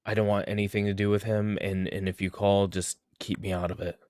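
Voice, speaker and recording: A man speaks in character in a low, dry voice. He halts and stammers, repeating his starts. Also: level tone, a little mellow, no echo. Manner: halting, stammering. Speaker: player. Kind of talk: in-character tabletop play.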